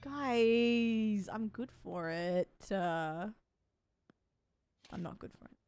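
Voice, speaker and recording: A woman's voice: mid-range voice, drawn-out words, a little mellow, smooth, faint music behind. A young woman streaming a game and commenting as she goes. She chats casually, with self-mocking humour and easy swearing.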